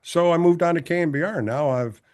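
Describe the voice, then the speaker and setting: A man's voice: on the high side, fairly quick. A man in his sixties, a former ballplayer turned broadcaster, telling stories as a guest in a casual interview and acting out the voices of the people he quotes. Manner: animated storyteller who acts out quoted voices.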